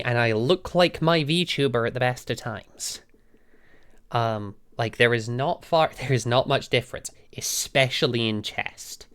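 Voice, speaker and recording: A woman streamer telling a story to her chat in a casual, sweary way, laughing often. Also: extremely low pitch. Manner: animated, sweary, frequent laughs.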